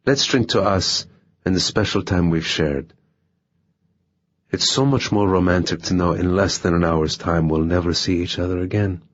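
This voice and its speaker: A man's voice: deep voice, moderate pace, dry recording, dull audio. A man voicing a playful, thrill-seeking young woman spy who talks in a teasing, half-mocking way.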